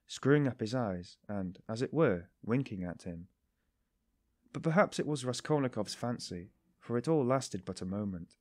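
A man reading a classic novel aloud as an audiobook narrator, in a steady, even manner. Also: lowish voice, no room sound, studio quality. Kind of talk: scripted narration.

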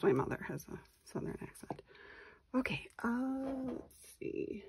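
A woman's voice: on the low side, a little mellow, a little hiss or hum. A woman in her forties from Wisconsin, hosting a casual papercraft tutorial and chatting to herself as she works. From Wisconsin, USA. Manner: chatty, mutters to herself while working. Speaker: papercraft channel host. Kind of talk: casual craft tutorial chat.

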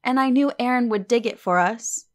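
A woman voicing a bright, playful young woman, an affectionate daughter, with a lively, coaxing manner in an audiobook reading. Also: a little high, normal speed, pitched above the performer's own voice, lightly acted.

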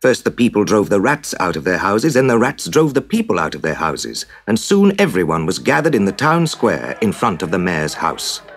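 A man narrating a classic children's story with dramatic, deliberate storytelling. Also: deep voice, very animated.

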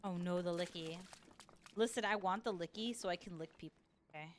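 A young woman streaming a video game, chatting casually with viewers, excitable and playful, swearing freely and using slang. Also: on the low side, fairly quick, a little hiss or hum. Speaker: livestreamer. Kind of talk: casual gameplay chat with viewers.

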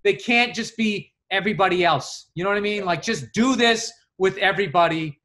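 A man's voice: sits high, fairly quick, a bit bright. A middle-aged man co-hosting a podcast in casual chat, ranting with plenty of swearing and exasperation. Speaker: podcast co-host.

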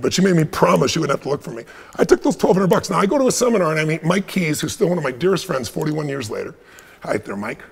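A man in his fifties telling an animated personal story at a live training, intense and hyped, laughing as he goes. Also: a little high, gravelly, breathy edge. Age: 50s. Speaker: guest speaker at a live online training.

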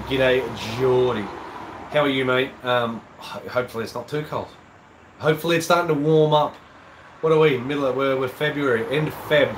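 Aussie male host, casual rambling chat, nasal with a cold; echoey room, audible aircon hum. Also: medium pitch. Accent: Australian. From Australia. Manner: casual, chatty, rambling with fillers. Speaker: golf channel host. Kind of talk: live-stream chat reading viewer comments.

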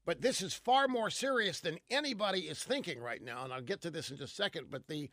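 A man's voice: a little high, expressive, a little fast, sharp tone, dry recording, studio quality. A man hosting a talk show, delivering a combative, opinionated monologue full of rhetorical questions. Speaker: radio talk host.

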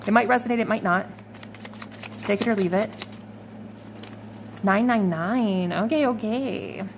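A woman's voice: medium pitch, a little slow, gravelly, background noise. A woman giving a casual, chatty tarot reading to her viewers, swearing freely and laughing now and then. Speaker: tarot reader.

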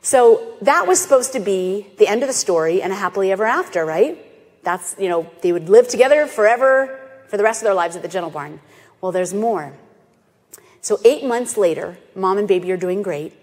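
A woman, founder of an animal sanctuary, giving an animated storytelling presentation and acting out the voices of people in her story. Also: medium pitch, brisk. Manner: animated, acts out quoted voices. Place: festival stage in a hall. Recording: reverberant lecture hall.

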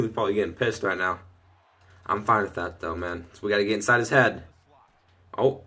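A young man casually commenting on his own gameplay from his bedroom, chatting through each play and getting loud and excited when things go well. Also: fairly low pitch, fast talker, slightly rough. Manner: excitable, shouts and laughs at big plays. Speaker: gaming video host. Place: bedroom at home.

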